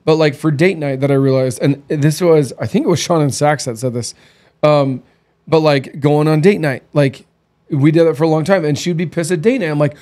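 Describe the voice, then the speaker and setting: A man's voice: fairly high pitch, moderate pace, a little mellow. Blunt, candid man telling stories. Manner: blunt, candid storytelling with quoted dialogue. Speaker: podcast host. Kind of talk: casual chat.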